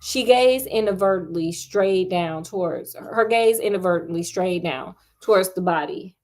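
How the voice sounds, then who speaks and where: A woman's voice: on the low side, normal speed, a little mellow. A woman storyteller reading a story aloud, breaking off for sassy, laughing asides to her listeners.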